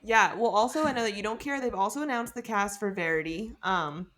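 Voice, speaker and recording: A woman's voice: mid-range voice, fairly quick, a bit bright. A young woman co-hosting a podcast, chatting casually and gossiping with frequent laughs. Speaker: podcast co-host. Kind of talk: casual chat.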